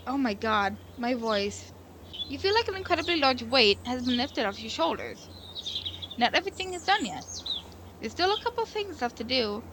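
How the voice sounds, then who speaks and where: A woman reading a visual novel game aloud and rambling about it, with giggly, emotional reactions. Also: fairly high pitch. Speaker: gaming video creator.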